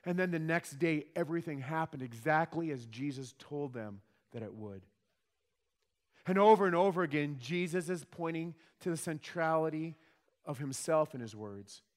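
A man's voice: a little high, expressive, normal speed. A man preaching a sermon with emphatic delivery and rhetorical questions. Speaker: pastor. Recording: long hall reverb.

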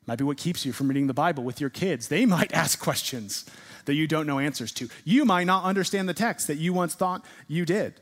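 A middle-aged male pastor preaching a sermon, swinging between loud emphatic peaks and quiet, drawn-out lines. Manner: dramatic swings between booming emphasis and hushed delivery; drawn-out, deliberate phrasing on key words.

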